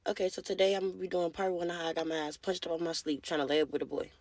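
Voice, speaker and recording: A woman's voice: on the low side, level tone, racing, darkish tone, slight background noise. A woman casually opening a storytime, blunt and unbothered.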